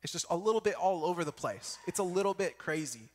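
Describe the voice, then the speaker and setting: A young man giving a sermon at church, telling a personal story in a lively way and checking in with the audience as he goes. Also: sits high, quick pace. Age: young adult. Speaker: student preacher. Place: church hall. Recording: echoey church hall.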